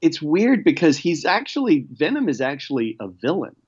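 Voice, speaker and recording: A man's voice: fairly high pitch, big pitch swings, moderate pace, a little mellow, breathy edge. Easygoing man on a dull-sounding mic. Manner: easygoing, hesitant, lots of fillers. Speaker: podcast co-host reviewing movies. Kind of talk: casual chat.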